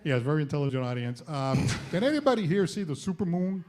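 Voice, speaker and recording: A man's voice: on the high side, big pitch swings, fast, darkish tone. Jokey male talk show host. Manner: jokey, laughs at his own jokes. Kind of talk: comedy monologue. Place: studio stage with audience.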